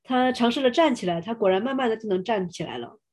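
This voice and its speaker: A woman interpreting a sermon live, phrase by phrase, sometimes hesitant and pausing with fillers. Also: fairly high pitch, lively intonation, a little mellow. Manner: hesitant, fills pauses with 'uh'.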